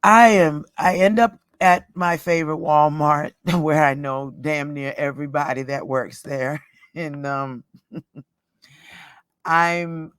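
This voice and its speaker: A middle-aged woman telling a personal story in a casual storytime vlog, rambling and halting, often breaking into laughter. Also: low voice, steady tone, clear, resonant tone, dry recording. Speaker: roadside assistance worker.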